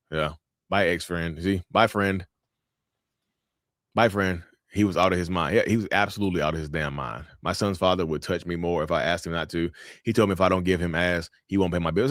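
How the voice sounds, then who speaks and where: A man's voice: low-pitched, fairly bright tone, no echo, studio quality. A man chatting casually on a livestream, reacting to viewer comments in a blunt, emphatic way that repeats phrases for effect.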